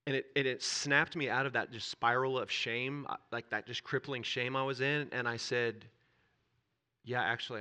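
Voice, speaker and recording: A man giving an earnest personal testimony from a church stage, halting and repeating himself, his voice dropping very low at painful moments and rising when moved. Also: vocal fry, pushed and bright. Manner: earnest, halting confession that drops to near-whispers and swells when stirred. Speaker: church speaker.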